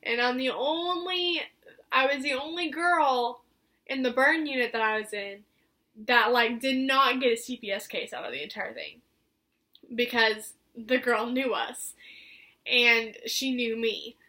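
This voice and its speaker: Bright high-voiced young woman storyteller. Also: fairly even intonation, a little slow. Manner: chatty, filler-heavy, acts out quoted voices. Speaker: vlogger. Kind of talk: casual storytelling to camera.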